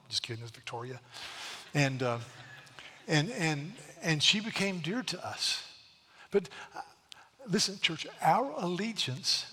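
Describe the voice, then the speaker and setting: A middle-aged male pastor with a bright, forceful, fairly high voice preaches an earnest sermon. He slows down on key lines and doubles his words as he goes. Long reverb from the church hall trails after each phrase. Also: husky. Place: church sanctuary.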